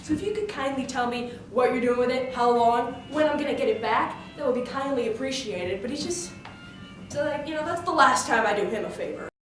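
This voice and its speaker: A woman's voice: sits high, a little fast. A woman retelling a play in character in a casual way, full of fillers like "like" and "you know.". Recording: echoey room, voice far from mic, music behind.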